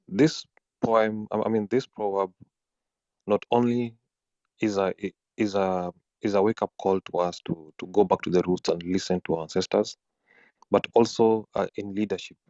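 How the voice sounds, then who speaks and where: A man speaks in a very low, flat, husky voice, earnest and halting, repeating words as he restarts his sentences. The audio is dull and dry, as from an online audio room. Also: no echo. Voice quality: husky from just waking. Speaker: guest speaker. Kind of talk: spontaneous audio-room talk.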